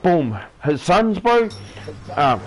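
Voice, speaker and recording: Casual New Zealand man, slightly higher voice. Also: takes it slowly, slight background noise, low-quality recording. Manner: relaxed, says "bro" constantly, acts out quoted voices. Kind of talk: casual storytelling chat.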